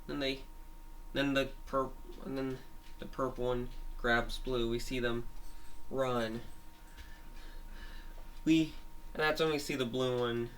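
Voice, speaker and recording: Brief: slow, bright-voiced man rambling through a story retelling. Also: medium pitch, fairly even intonation, a little hiss or hum. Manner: many restarts and fillers, hesitant.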